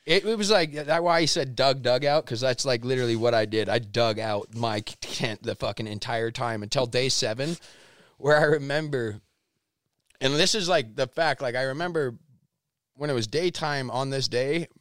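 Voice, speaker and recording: Animated, foul-mouthed male storyteller, dry sound. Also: medium pitch, normal speed, no room sound. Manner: animated, swears constantly, acts out quotes. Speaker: podcast guest. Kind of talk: casual storytelling interview.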